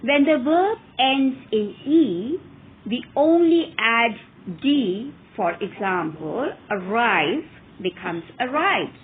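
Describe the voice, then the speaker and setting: A woman teaching English verb forms in a careful, deliberate way, stressing each example word. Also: a little high, animated. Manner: clear, careful enunciation with rising emphasis on examples. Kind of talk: slow, deliberate grammar lesson. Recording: phone-like narrow audio with faint hiss.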